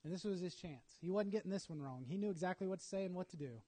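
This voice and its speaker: A man's voice: high-pitched, fast talker, dark tone. A man preaching a sermon, telling a story dramatically with acted asides.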